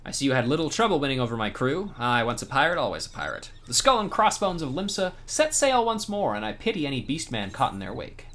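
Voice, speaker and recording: A man's voice: mid-range voice, wildly swooping pitch, fast talker, hardly any pauses, a bit bright, voice pushed up. A man voicing a grieving woman pirate captain who speaks in a pirate brogue. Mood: proud.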